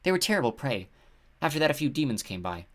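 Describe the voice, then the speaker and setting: A man's voice: medium pitch, very animated, quick pace, voice pushed up, natural voice. A man voicing a haughty, paranoid female huntress goddess who speaks scornfully and bluntly. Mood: fierce.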